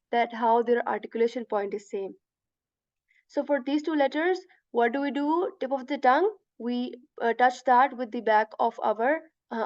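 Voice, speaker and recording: A woman's voice: a little high, a little mellow, no echo. Patient woman teaching pronunciation, dull sound. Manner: patient, repeats sounds slowly, many "right?" and "you know" fillers. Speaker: Quran recitation teacher. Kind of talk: step-by-step pronunciation lesson.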